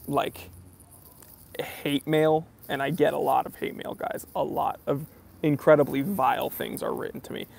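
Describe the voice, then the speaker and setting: A young livestream host with a fairly high, gravelly voice rants casually. He's animated and does mocking impressions of his commenters.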